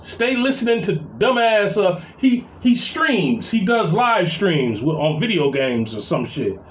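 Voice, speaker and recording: A man's voice: high-pitched, sing-song, measured pace, rough recording. A middle-aged man talking straight to his audience in a casual venting monologue, heated and full of profanity as he tells a family story. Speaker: vlogger.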